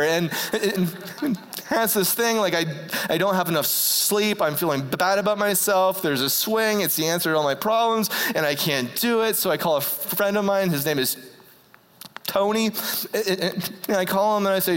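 A man preaching a sermon, often halting and repeating words as he starts a phrase. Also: high voice, a bit bright. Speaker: pastor. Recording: church hall reverb.

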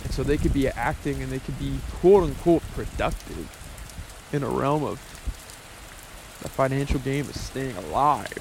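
A man's voice: mid-range voice, normal speed, background noise. A man giving an earnest, philosophizing monologue, thinking aloud with asides and fillers. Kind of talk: reflective motivational monologue.

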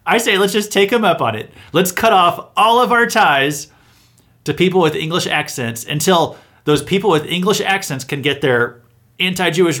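A man's voice: high-pitched, sharp tone. A man hosting a satirical news show, delivering a mock-earnest, sarcastic monologue with hesitant restarts.

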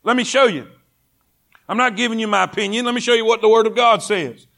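High-voiced impassioned preacher. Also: male voice, fast, bright, forceful tone. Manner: impassioned, repeats phrases, calls for congregation response. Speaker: pastor. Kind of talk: sermon. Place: church sanctuary.

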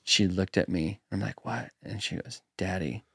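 A man in his thirties co-hosting a podcast, chatting casually with relaxed asides. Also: low-pitched, moderate pace, creaky, husky, no echo, studio quality. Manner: relaxed, affirming interjections. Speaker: podcast co-host.

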